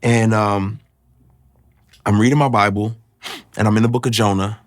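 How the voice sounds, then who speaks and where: A man telling his personal faith testimony in a reflective, halting, emotional way. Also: fairly low pitch, steady tone, no room sound, clean studio sound. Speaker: guest sharing his testimony.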